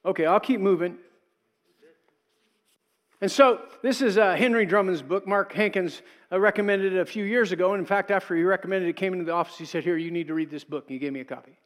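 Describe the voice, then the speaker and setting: A man's voice: sits high, fast talker, a bit bright, long reverb tail. A middle-aged male pastor preaching a sermon in a conversational way, acting out quotes and adding asides.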